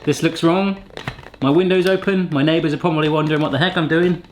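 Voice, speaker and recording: A man's voice: fairly high pitch, fairly even intonation, quick pace, slight background noise. A man hosting a kitchen gadget video, chatting casually and cracking playful jokes. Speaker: kitchen gadget reviewer, show host. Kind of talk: casual vlog chat.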